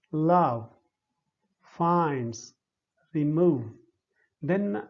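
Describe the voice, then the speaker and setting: A man with an Indian English accent giving a slow, deliberate lecture, spelling out syllables one by one. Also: on the high side, a little mellow. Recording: dull lo-fi recording.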